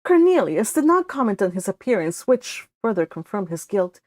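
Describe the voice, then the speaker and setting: Mulher lendo uma história em voz alta. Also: female voice, mid-range voice, moderate pace, no echo. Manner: steady storytelling with occasional slips. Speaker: fan fiction author reading aloud. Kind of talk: read-along narration.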